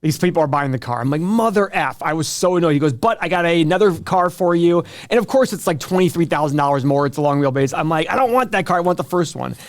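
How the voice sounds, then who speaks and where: Male podcast co-host, chatty and animated, acts out every phone call he retells. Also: on the high side, quick pace, hardly any pauses. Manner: animated storytelling, acting out quoted calls. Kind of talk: casual chat.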